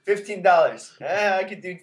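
A man's voice: high-pitched, expressive, moderate pace. A man co-hosting a podcast in casual chat, joking and riffing on his co-host's stories with playful role-play. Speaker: podcast co-host.

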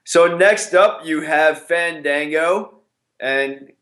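A man's voice: fairly high pitch, slow, a bit bright. A man co-hosting a podcast in casual chat, teasing and playful. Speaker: podcast co-host. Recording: echoey room.

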